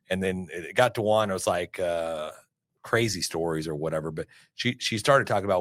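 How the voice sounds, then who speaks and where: Deep-voiced Texan man, animated storyteller. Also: a little fast, no echo, studio quality. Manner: animated storyteller, acts out quoted exchanges. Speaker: podcast co-host. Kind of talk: casual chat.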